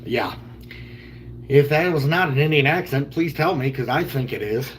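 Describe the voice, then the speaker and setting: A man's voice: medium pitch, normal speed, slight background noise. Rambling man in his thirties chatting. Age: 30s. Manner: rambling, joking, answers chat questions. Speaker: livestreamer. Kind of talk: casual chat with viewers.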